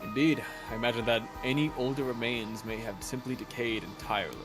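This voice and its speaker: A man's voice: mid-range voice, brisk, natural voice. A man voicing an earnest, diligent young male assistant in a formal, precise manner, reading game dialogue over game music. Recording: game music playing behind.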